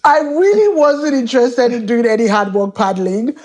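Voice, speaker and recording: A woman's voice: a little high, moderate pace, darkish tone. A woman in her thirties co-hosting a casual podcast, playful and teasing, laughing easily. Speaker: podcast co-host. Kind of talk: casual chat.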